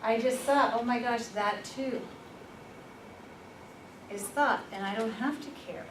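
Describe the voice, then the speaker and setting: A woman presenting a workshop, telling personal stories in a lively, informal way and laughing at herself. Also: on the high side, a little slow. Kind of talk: personal storytelling in a workshop talk. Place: workshop room. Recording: echoey room, far from the mic, noisy.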